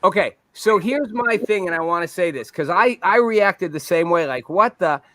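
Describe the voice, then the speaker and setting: Bright-voiced male talk host. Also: sits high, lively intonation, no echo. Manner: storytelling, rapid restarts. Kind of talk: casual panel discussion.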